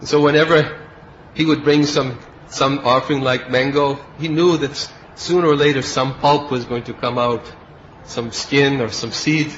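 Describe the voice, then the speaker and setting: In a devotional class, a man teaching as a spiritual guide recounts a complete story, acting out what each person says. His mid-range voice keeps a fairly even intonation at normal speed, with hardly any pauses. The audio is dull and lo-fi, with light hiss underneath.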